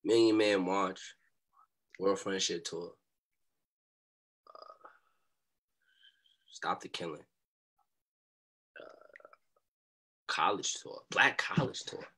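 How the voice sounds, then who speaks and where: A young man telling a story as a podcast guest, in animated street talk and acting out what people said. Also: low-pitched, very slow, long pauses. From New York.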